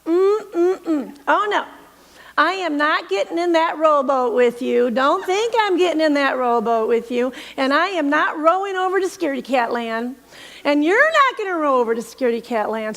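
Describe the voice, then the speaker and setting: A woman putting on the voice of a bossy, sassy friend who teasingly scolds her out of her fear. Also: high-pitched.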